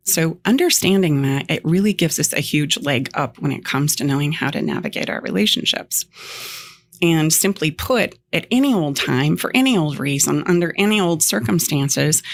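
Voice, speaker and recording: A woman relationship coach explaining her method in an animated, emphatic way, often acting out lines she would say. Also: low voice, gravelly. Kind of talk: guest explaining on a talk show.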